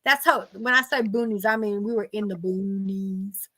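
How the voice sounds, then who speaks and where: A middle-aged woman, telling animated stories in casual chat and acting out the people she quotes. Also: medium pitch, moderate pace. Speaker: host.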